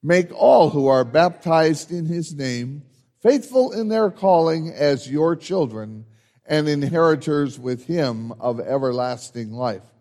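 A man serving as pastor, giving church announcements and then leading a confession and absolution in a measured, solemn way. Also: a little high. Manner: measured, solemn liturgical delivery with lively rises.

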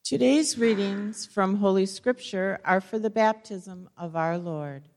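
A woman reading the day's scripture aloud in church, slowly and carefully. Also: medium pitch, darkish tone. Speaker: scripture reader.

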